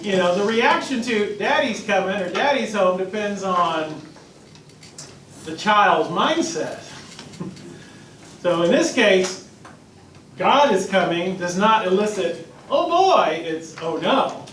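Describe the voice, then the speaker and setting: A man, a pastor, teaching a Bible class in a conversational, animated way. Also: high-pitched, slow, long pauses. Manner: conversational, animated, acts out voices and laughs. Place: church classroom. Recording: echoey room, voice from a distance, faint noise.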